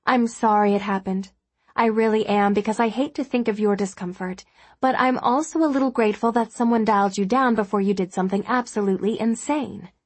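A woman voicing a blunt, sharp-tongued woman lawyer in a storybook reading, frank and scolding. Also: medium pitch, fairly quick, slightly rough, dry recording, natural voice.

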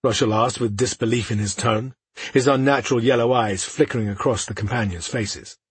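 A man narrating a fantasy audiobook in a steady, measured reading style. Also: mid-range voice, breathy edge, dry recording.

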